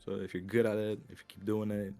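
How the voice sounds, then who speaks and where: A man's voice: lowish voice, little pitch movement, quick pace, dark tone, soft background music. A man as a guest on a casual interview stream, laid-back and swearing freely. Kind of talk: casual chat.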